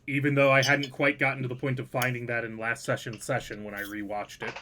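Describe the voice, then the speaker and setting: A man's voice: mid-range voice, flat delivery, a little fast, sharp tone, slight background noise. A man running a tabletop game as game master, joking and rambling about his notes. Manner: joking, self-deprecating, rambling. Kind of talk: casual tabletop game chat.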